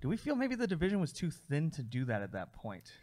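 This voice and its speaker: A man's voice: fairly high pitch, huge pitch swings, fast talker, a little mellow. A man co-hosting a wrestling talk show in casual chat, upbeat and enthusiastic, with frequent fillers.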